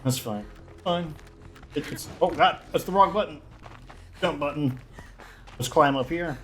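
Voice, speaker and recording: A man hosting a let's play, commenting in an excitable, rambling way and filling his talk with "like". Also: fairly high pitch, unhurried, slight background noise. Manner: excitable, rambling, heavy use of "like". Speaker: gaming channel host.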